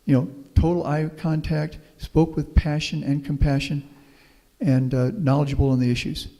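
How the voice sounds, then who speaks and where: Here a middle-aged man from Houston speaks at a fairly high pitch, flat and mellow, at a normal speed. As a guest professor, he gives a folksy, story-driven public talk and answers audience questions, and the meeting hall adds long reverb.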